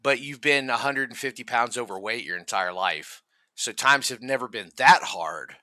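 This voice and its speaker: A man's voice: medium pitch, moderate pace, sharp tone, no room sound. A man hosting reaction commentary, ranting furiously and mockingly with constant swearing. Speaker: commentary host.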